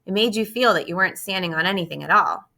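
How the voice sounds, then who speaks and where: A woman narrating a children's storybook in an expressive, steady reading voice. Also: lowish voice, quick pace, gravelly. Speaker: audiobook reader.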